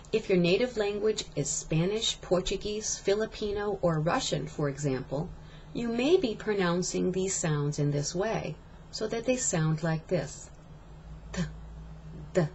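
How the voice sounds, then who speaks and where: Slow, low-ish woman, pronunciation coach, patient and encouraging, faint background hiss. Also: darkish tone. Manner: slow, deliberate, encouraging teacher. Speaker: accent reduction coach. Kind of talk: scripted pronunciation lesson.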